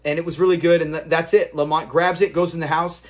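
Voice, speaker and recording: A man's voice: fairly high pitch, flat delivery, fast talker. A man hosting a casual episode recap, laughing often and acting out the characters' lines as he retells scenes. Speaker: show recap host.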